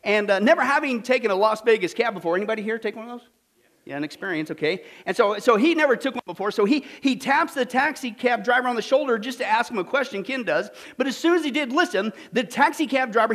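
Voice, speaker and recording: Man, very high-pitched, lively preacher, storytelling sermon, punchy exclamations. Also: fast talker. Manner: animated, jokey, punchy exclamations. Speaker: pastor.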